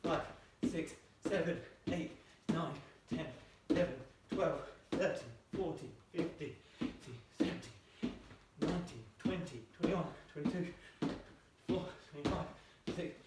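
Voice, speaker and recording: A man's voice: fairly high pitch, a little slow, few pauses, very noisy. A man teaching a home exercise lesson, counting out jumps while doing them and getting out of breath. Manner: counting reps aloud while jumping. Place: small room at home. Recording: echoey room, mic far off.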